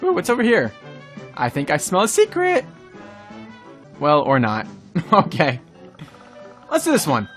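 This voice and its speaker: A man giving excitable gameplay commentary as a gaming video host, yelping and shouting at the game and talking to the enemies. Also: on the high side, unhurried, long pauses, soft background music. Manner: talks to himself and the enemies. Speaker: gaming YouTuber.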